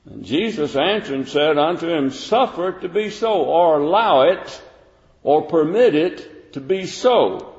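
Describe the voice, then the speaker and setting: A man preaching a sermon as pastor, reading scripture and explaining it in a conversational way with many fillers. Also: fairly high pitch. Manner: conversational, frequent "uh" fillers and restarts. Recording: echoey hall, dull lo-fi sound.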